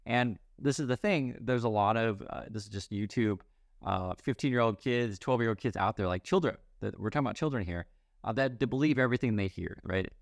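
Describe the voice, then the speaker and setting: A middle-aged man talks through the news in a loose, chatty way, full of fillers, restarts and wry asides. His voice sits low with a gravelly fry. The sound is dry and close, with no room around it. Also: a little fast, no echo. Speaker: news commentary host. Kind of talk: casual solo commentary.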